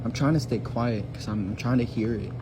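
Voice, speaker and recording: A man's voice: medium pitch, brisk, noisy background. A young man filming himself on his night shift, nervous and jumpy, talking in slang and breaking off mid-sentence. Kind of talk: frightened self-filmed clips. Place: indoors, store at night. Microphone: handheld phone camera.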